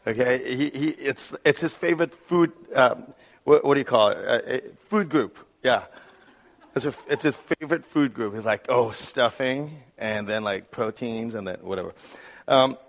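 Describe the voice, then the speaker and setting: A hoarse male pastor with laryngitis, giving a chatty, joking sermon to his congregation. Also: a little high, fairly bright tone. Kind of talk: conversational sermon. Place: church sanctuary with congregation. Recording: long hall reverb.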